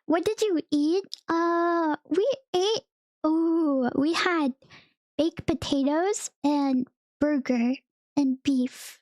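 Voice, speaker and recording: High-voiced giggly young woman streamer. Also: drawn-out words, a little mellow, dry recording, clean studio sound. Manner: giggly, laughs often between sentences; rambling, storytelling with "like" and "okay?". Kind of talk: casual chat to viewers.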